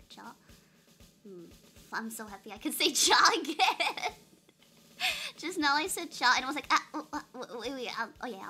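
Bright sparkly girl streamer, super lively, faint music behind. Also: high-pitched. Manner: playful, giggly, reads chat aloud. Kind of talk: casual live-stream chat.

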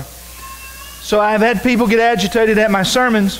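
A man's voice: sits high, steady tone, unhurried, a bit bright, a little hiss or hum, rough recording. A man preaching a sermon as pastor, earnest and direct, repeating key words for emphasis.

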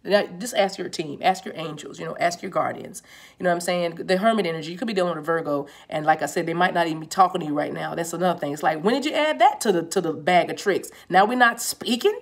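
A woman's voice: lowish voice, fast talker, gravelly. A woman giving a casual tarot reading to her viewers, chatty and repeating herself, with laughs often. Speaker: tarot reader.

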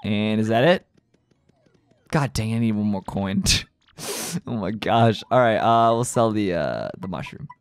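A man's voice: lowish voice, animated, a little slow, pauses often, clean tone, no echo. A young man chatting casually while playing through a video game. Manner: chatty, gushing, laughs easily. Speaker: let's play host.

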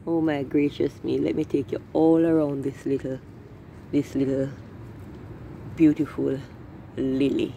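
A woman's voice: extremely low pitch, flat delivery, unhurried, creaky, long pauses, warm tone, a little hiss or hum, rough recording. A woman vlogging outdoors in her garden on a handheld phone, exclaiming with delight as she shows her viewers around. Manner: effusive, keeps calling out "my people" and exclaiming. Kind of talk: casual vlog, filming and narrating a garden tour. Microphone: phone camera held while walking.

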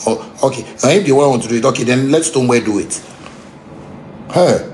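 A man with a Ghanaian Pidgin English accent ranting angrily, heated and repetitive, sometimes shouting. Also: medium pitch, a little fast, slight background noise. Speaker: musician ranting on a livestream. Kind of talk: angry unscripted rant.

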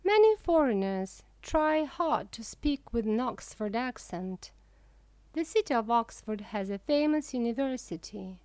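A woman narrating a humorous audiobook for English learners, reading in a careful, even way. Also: on the high side, unhurried, no echo.

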